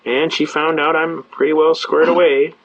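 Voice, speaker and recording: Through dull audio, an older man at a seminar on constitutional rights tells folksy stories in a conversational lecture, emphatic and repetitive. His voice is fairly high with a flat delivery and a moderate pace.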